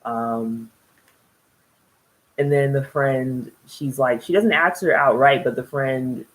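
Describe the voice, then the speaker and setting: A woman's voice: extremely low pitch, takes it slowly, rough recording. A young woman casually recapping a reality TV episode, chatty and rambling, often laughing between thoughts. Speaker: TV reality show reviewer.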